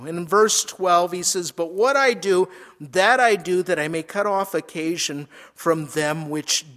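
Male preacher, high voice, reading verses and explaining them, repeats himself. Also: a bit bright. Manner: expository preaching, reading scripture aloud and explaining it; frequent small repetitions and restarts. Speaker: pastor. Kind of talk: sermon.

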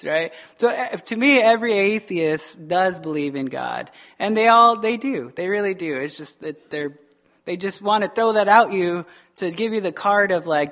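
A male pastor giving an animated, joking sermon in a church service, often asking the congregation questions. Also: high voice, moderate pace.

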